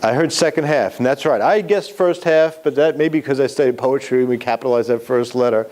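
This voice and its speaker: A man's voice: mid-range voice, brisk, a little mellow, a little hiss or hum. A man giving a live classroom lecture on writing, explaining step by step with examples.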